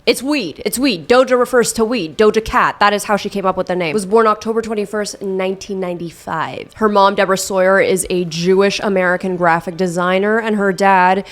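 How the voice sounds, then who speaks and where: A woman in her late twenties giving a comedic, self-deprecating commentary about internet culture, animated and sarcastic. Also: mid-range voice, brisk, few pauses. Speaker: commentary YouTuber.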